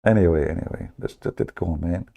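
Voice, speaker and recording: A man's voice: deep voice, brisk, gravelly, warm tone. A man hosting a livestream, telling a story in a mocking, sarcastic way in broken English. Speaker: host of a livestream. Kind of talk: livestream commentary.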